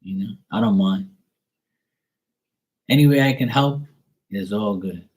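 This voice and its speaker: A man's voice: on the low side, unhurried, darkish tone, slightly rough. A middle-aged man reading tarot on a live stream, chatting casually and bantering playfully with viewers in the chat.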